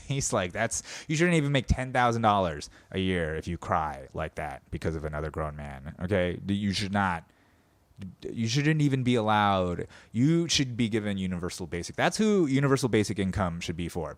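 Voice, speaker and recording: A podcast host with a voice that sits low delivers a sarcastic, profane comedic rant about politics, mocking people along the way. The recording is dry.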